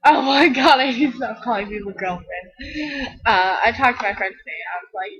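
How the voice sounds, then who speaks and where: A teenage girl who makes gaming videos chats casually over gameplay, rambling and giggling, a bit tired from little sleep, and acting out people she quotes. Her voice is a little high and brisk. The highs are cut off in the recording.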